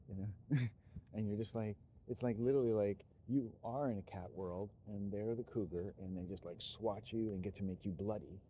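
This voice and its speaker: A man talking in a rambling monologue, meandering and halting, with frequent restarts and chuckles. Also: fairly low pitch, dark tone, a little hiss or hum.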